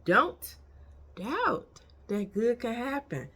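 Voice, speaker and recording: A woman's voice: mid-range voice, animated, normal speed, fairly bright tone. A woman in her fifties giving frank, folksy life advice in a casual vlog, chatting straight to her viewers. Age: 50s. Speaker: life coach. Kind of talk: casual motivational vlog talk.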